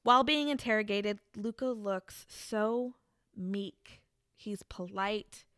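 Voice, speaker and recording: A woman's voice: medium pitch, slow pace, a bit bright, clean tone, dry recording, clean studio sound. Woman telling a true crime story. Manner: dramatic reveals, trailing restarts. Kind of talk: casual storytelling chat.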